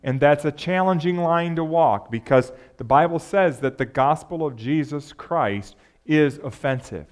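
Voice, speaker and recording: A pastor with a mid-range male voice gives a sermon that sounds like conversation. Rhetorical questions directed at the congregation come up often.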